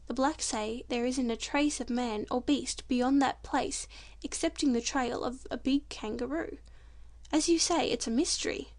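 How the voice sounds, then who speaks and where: A woman's voice: high voice, unhurried, a little mellow. A woman voicing a worried, tender father in a storybook audiobook, speaking earnestly. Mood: troubled.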